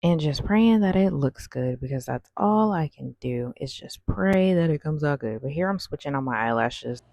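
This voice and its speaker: Gravelly low-voiced woman vlogger, casual. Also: lively intonation, moderate pace, darkish tone, dry recording. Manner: rambling, slangy, self-deprecating. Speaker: cosplay vlogger. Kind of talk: casual voice-over over makeup footage.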